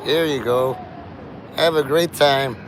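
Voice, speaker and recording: In a low-quality outdoor phone recording, a man with a mid-range voice speaks slowly while livestreaming from a city plaza surrounded by tall buildings. Loose and joking, he swears casually and talks to birds and viewers as street ambience fills the background.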